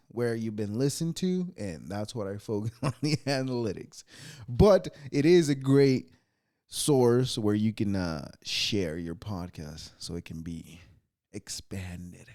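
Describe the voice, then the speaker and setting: A man's voice: on the low side, a little mellow. A man hosting a solo podcast, reading ad and holiday copy aloud, stumbling over words, laughing at himself and swearing offhand. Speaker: podcast host.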